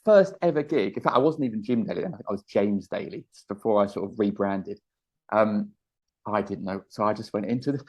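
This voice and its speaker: A man, a comedian guest telling stories in a casual interview, animated and laughing often. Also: fairly low pitch, brisk. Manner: animated storyteller, laughs often, acts out quotes.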